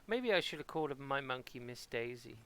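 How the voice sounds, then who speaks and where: Streaming a game from home, this Portsmouth man speaks with a local English accent, joking around and mocking himself in loose, rambling commentary. His medium-pitched voice is animated and fairly quick, with a sharp, clean tone.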